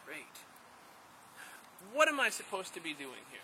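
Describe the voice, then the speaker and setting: A man's voice: on the high side, unhurried, a little hiss or hum, full character voice, low-quality recording. A man voicing a naive, eager first man full of childlike wonder, told as a story. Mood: puzzled. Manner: excited, puzzled, childlike wonder.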